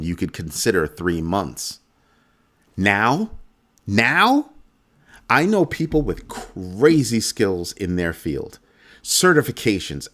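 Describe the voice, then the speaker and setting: With a low voice and a fairly bright tone, a middle-aged finance-channel host launches into a ranting monologue, heated and sarcastic and heavy on emphasis.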